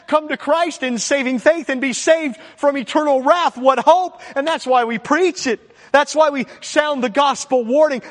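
A man's voice: very high-pitched, a bit bright, in a large hall. A man preaching a sermon as pastor, fervent and repeating his key points for emphasis.

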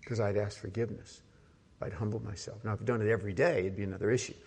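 Older man, pastor, conversational sermon, rhetorical questions, hushed when retelling personal moments. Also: on the low side, fairly even intonation, racing, breathy edge.

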